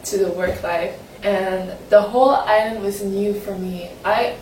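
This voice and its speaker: Vlogging in a roomy, echoey space, a young woman from Saint-Martin rambles candidly and self-consciously about personal matters. Her mid-range voice is unhurried, fairly even and a little mellow, captured from a distant mic with faint ambience and slight hiss or hum.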